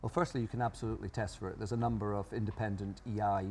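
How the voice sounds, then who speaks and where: A man's voice: lowish voice, fairly even intonation, racing, darkish tone, slight background noise. Emphatic male guest explaining ideas. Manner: emphatic, explanatory, lists points. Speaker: guest expert. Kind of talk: interview answers.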